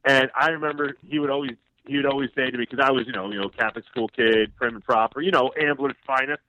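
Male phone-in guest, mid-pitched voice, relaxed rambling anecdotes, tinny phone line. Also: fast, a little hiss or hum. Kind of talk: casual chat, storytelling.

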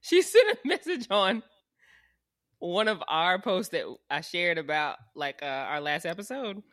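A low-pitched woman talks in frank, profane casual chat, her voice bright and ringing yet lively in its ups and downs. The sound is close and dry, with no room around it. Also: a little slow, no echo. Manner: frank, profane, laughing often. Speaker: podcast co-host.

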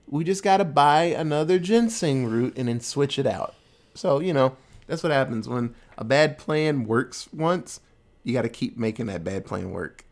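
A man talking through a movie plot in an easygoing, joking way, slipping into little voices for the characters. His pitch sits in an ordinary middle range for a man. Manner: laid-back, jokey, acts out characters in quick asides. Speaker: podcast host recapping a film. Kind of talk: casual chat.

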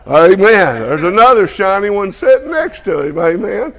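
Preacher guy telling his testimony, kinda high voice, throws in amen every other line. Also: big pitch swings, normal speed, fairly bright tone. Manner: folksy, peppers speech with "amen" and "hallelujah". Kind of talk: sermon testimony to a congregation.

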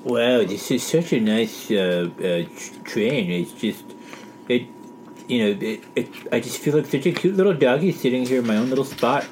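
A man's voice: mid-range voice, normal speed, darkish tone, slight background noise, lightly acted, poor audio. A man voicing a nervous talking dog in an improvised comedy scene, stammering and hesitant. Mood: timid. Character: timid talking male dog, eager and nervous. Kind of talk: improvised comedy podcast role-play.

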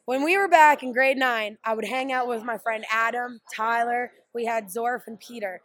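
A woman who wrestles professionally, telling stories in a brash, animated way during a casual interview. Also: a little high, moderate pace. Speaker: pro wrestler.

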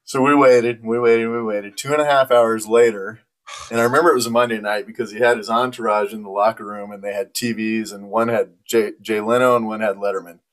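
Guy in his 40s, kinda low voice, chatty storyteller who laughs a lot. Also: brisk. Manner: animated storyteller, laughs often. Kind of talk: casual chat.

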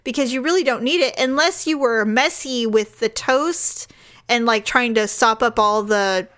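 A woman podcast co-host from California, chatting casually and telling a story with lively acted-out voices. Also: on the high side, normal speed. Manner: animated, acts out voices in anecdotes.

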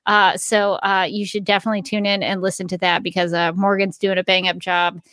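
A woman's voice: medium pitch, little pitch movement, a little fast, fairly bright tone, no echo, studio quality. A woman co-hosting a podcast in casual chat, chatty and giggly with lots of fillers. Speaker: podcast co-host.

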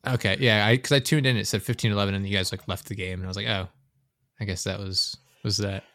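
A man's voice: fairly low pitch, fairly even intonation, quick pace, a bit bright, no room sound, studio quality. A young man hosting a casual gaming podcast, rambling and swearing often, with frequent laughter. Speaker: podcast host.

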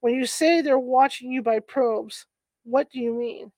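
A woman reading the part of a male doctor hypnotist, asking slow, calm, soothing questions. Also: sits high, dry recording.

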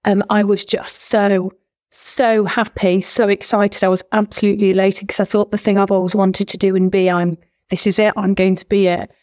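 A woman's voice: medium pitch, flat delivery, moderate pace, darkish tone. A middle-aged woman, a former language teacher, chatting as a guest in an interview, enthusiastic and full of asides. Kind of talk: casual interview storytelling.

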